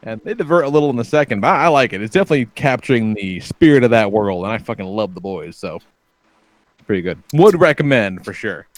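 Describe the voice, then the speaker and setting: A man's voice: lowish voice, animated, quick pace, no echo. Laid-back swearing podcast man. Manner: laid-back storyteller, swears freely, chuckles often. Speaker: podcast co-host. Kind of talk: casual podcast banter.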